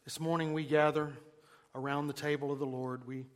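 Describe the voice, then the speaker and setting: Man, preacher, high voice, emphatic, hushed to loud, long echo of a church hall. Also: level tone, brisk. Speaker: pastor. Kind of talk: sermon.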